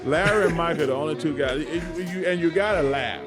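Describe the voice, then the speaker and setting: A former basketball player recounting an amused story about an opponent, quoting him in a put-on voice. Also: male voice, on the high side, fairly quick. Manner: amused, quotes others in a put-on voice. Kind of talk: storytelling interview. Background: music.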